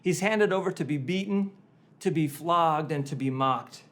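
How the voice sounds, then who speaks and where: In his sermon, this male preacher retells a story with drama, alternating loud emphasis with whispers and sometimes repeating words for force. His voice is a little high and his pace moderate.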